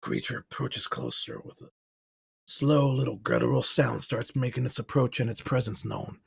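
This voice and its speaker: A man sets the scene as game master of a tabletop role-playing game, walking through it like a film camera. His voice sits at an ordinary middle pitch. He sounds relaxed and chatty. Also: moderate pace, vocal fry, breathy edge. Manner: cinematic scene-setting narration; playful banter with players.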